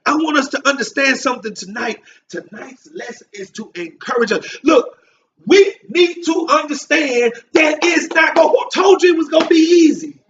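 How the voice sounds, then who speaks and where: A man preaches with a very high voice that climbs into shouts on key lines and calls for answers back. He sounds distant from the mic. The recording is dull and lo-fi. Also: animated, moderate pace, slight background noise. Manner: call-and-response preaching, shouting emphatic lines. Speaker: pastor. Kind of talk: sermon.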